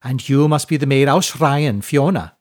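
A man's voice: a little high, sing-song, moderate pace, darkish tone, pitched above the performer's own voice. A man voicing a plump, cheerful older widow who runs a school, gushing and rolling her R's. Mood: effusive.

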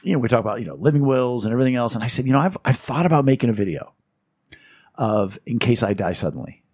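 A man hosting a podcast, chatting casually and telling stories with wry humor, slipping into lively quoted voices. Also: medium pitch, quick pace, slightly rough, no room sound, clean studio sound. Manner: storytelling, wry humor, animated quoting. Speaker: podcast host. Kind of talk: casual chat.

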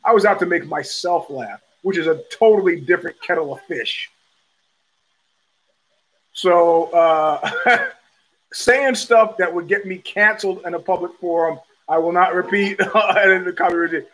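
Middle-aged male host, higher-pitched voice; loose, profane, rambling monologue with frequent restarts. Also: a little slow, a bit bright, rough recording. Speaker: podcast host. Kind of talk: casual monologue.

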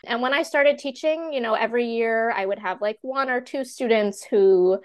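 Woman, thirties, classroom management coach, podcast guest, fairly high voice, candid, animated storytelling. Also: normal speed, clean tone. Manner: chatty, animated, frequent "like" fillers.

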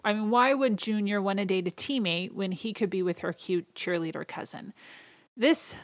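A woman's voice: mid-range voice, normal speed, dry recording. Chatty woman podcast host, dry sound. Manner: chatty and enthusiastic, reading out favorite quotes. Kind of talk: casual movie recap.

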